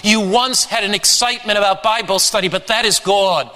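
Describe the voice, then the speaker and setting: A man preaching a sermon, slow and emphatic with dramatic pauses. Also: sits high, sharp tone, long reverb tail, rough recording. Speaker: pastor.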